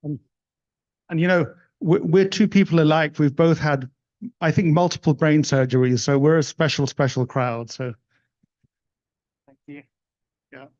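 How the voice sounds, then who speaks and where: Man, event host, effusive, full of praise, higher voice, lo-fi conference audio. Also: steady tone, unhurried, long pauses, darkish tone. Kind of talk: casual thank-you remarks on stage. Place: conference room.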